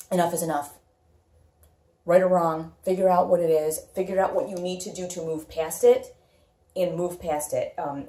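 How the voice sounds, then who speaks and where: A woman's voice: fairly low pitch, dark tone, reverberant. A woman giving a casual tarot reading, blunt and repetitive, thinking aloud with lots of fillers. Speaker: tarot reader.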